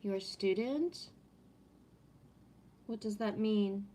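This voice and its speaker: A woman's voice: medium pitch, slow pace, dark tone, slight background noise. A woman with a French accent chatting casually on a live stream, greeting viewers by name and reading from oracle cards.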